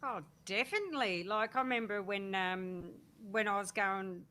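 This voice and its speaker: An Australian woman guesting on a chat show, telling stories in an animated way with lots of fillers. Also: medium pitch, normal speed. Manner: animated storyteller with fillers and laughs. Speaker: guest, former reality show housemate. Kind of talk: casual chat.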